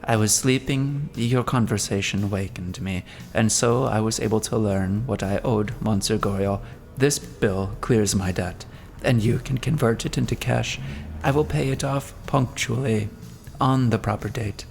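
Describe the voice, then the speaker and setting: A man reading the part of a composed young gentleman who speaks formally and courteously in an audiobook. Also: lowish voice, measured pace, vocal fry, soft background music. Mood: earnest.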